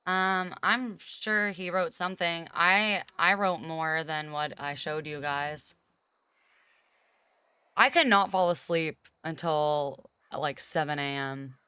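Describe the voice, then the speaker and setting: Young woman streamer, from California, casual rambling chat, bright forceful tone, dry close sound. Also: low voice, slow, clear, resonant tone, no echo. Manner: rambling, heavy use of "like", emphatic when arguing.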